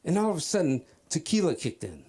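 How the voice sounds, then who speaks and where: A man's voice: on the high side, huge pitch swings, quick pace, noisy background. A man doing a stand-up comedy set at an open mic, telling a story and acting out the voices of the people in it. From Cape Verde. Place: comedy club stage.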